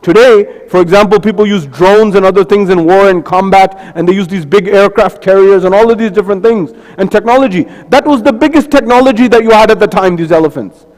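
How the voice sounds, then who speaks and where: A high-pitched male preacher giving a storytelling sermon, recorded in a reverberant mosque hall. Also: brisk, few pauses, a little mellow. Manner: storytelling with repeated phrases and lists.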